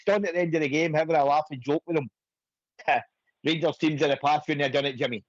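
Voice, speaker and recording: A hearty Scottish man on a dull, dry phone line, joining a radio phone-in. His voice sits a little high. He is matey and quick to agree with the caller before him. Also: steady tone, dry recording. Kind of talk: friendly phone-in chat.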